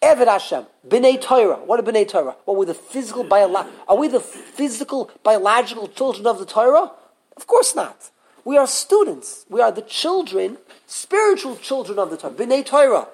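A man teaching a live Torah class, animated and full of questions to the students, often restarting his sentences. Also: very high-pitched, moderate pace, breathy edge.

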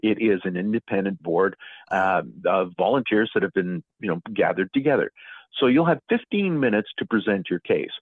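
Middle-aged man, lowish voice, measured explanations, tinny phone line, dry sound. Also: expressive, husky, no echo. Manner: explanatory, measured, with frequent fillers. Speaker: guest author on property assessment appeals. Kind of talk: radio talk show interview.

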